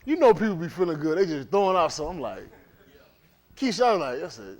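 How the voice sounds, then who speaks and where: A man's voice: a little high, fairly quick. A man leading a congregation, telling teasing stories in casual banter before the service, in an indoor hall. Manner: teasing, storytelling, animated. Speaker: congregation leader.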